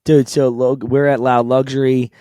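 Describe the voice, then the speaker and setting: A young man co-hosting a podcast, telling a story in casual, excited chat, swearing and laughing often. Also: medium pitch, moderate pace, no room sound. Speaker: podcast co-host.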